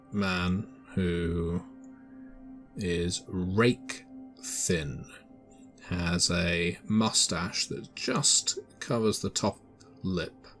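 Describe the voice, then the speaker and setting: A man runs a tabletop horror game, setting each scene in careful detail. His voice is very low. Faint music plays under him. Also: bright, forceful tone. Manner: descriptive, measured narration. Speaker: game master.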